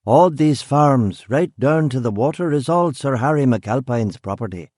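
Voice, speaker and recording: A man's voice: medium pitch, lively intonation, a little mellow, no room sound, clean studio sound, pitched above the performer's own voice. A man doing a grizzled old gamekeeper, rural Northern Irish accent. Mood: stubborn. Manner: blunt, insistent, slow. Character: grizzled old country gamekeeper, stubborn guard.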